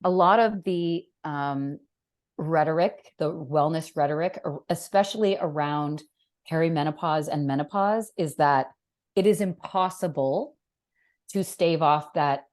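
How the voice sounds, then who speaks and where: A woman's voice: sits low, unhurried. Emphatic woman in her fifties, blunt. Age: 50s. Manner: animated, emphatic, blunt with swearing. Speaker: podcast guest, fitness professional. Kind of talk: casual interview chat.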